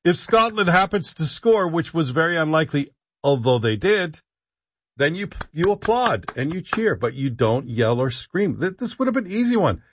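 A man hosting talk radio, his voice husky and a little breathy, delivering wry jokes and tongue-in-cheek advice. The sound is close and dry, with a muffled, slightly dull broadcast quality. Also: on the high side, big pitch swings, moderate pace, no echo. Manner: wry, joking, mock-earnest advice. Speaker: radio show host. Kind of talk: casual talk radio banter.

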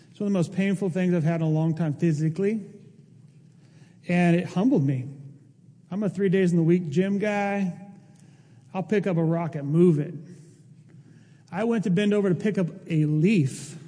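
A man's voice: sits high, warm tone. A male pastor preaching a sermon in an earnest, emotional way, rising to emphatic peaks. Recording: long hall reverb.

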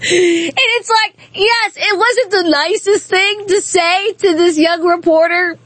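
A woman's voice: extremely high pitch, slow, a bit bright. A woman hosting a political talk show, delivering a sarcastic, mocking commentary monologue and laughing at her own jokes.

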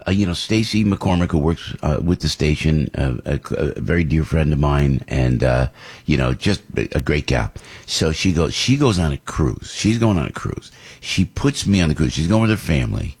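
A man hosting a morning radio show, chatting in a rambling, animated way and jumping into high voices when he quotes people, from a studio microphone. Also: breathy edge. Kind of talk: casual morning radio chat.

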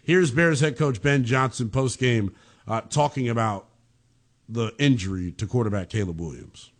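A man's voice: mid-range voice, normal speed. A man hosting a sports talk show, giving heated, emphatic commentary with casual slang. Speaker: sports radio host.

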